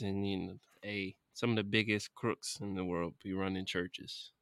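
Dude co-hosting a podcast, super bright crisp voice, blunt profane rants, dry close sound. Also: male voice, lowish voice, fairly even intonation, moderate pace, hardly any pauses, no room sound. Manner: blunt, profane, emphatic ranting. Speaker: podcast co-host. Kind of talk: casual chat. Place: Houston.

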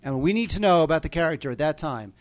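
A man's voice: on the high side, animated. A man co-hosting a casual podcast who teases his co-host and makes his points insistently. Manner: teasing, talks fast and insistently.

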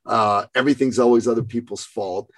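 A man's voice: medium pitch, steady tone, fairly quick, low-quality recording. Blunt, swearing man in his fifties. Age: 50s. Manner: blunt, profane, storytelling. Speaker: podcast host. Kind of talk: casual conversation.

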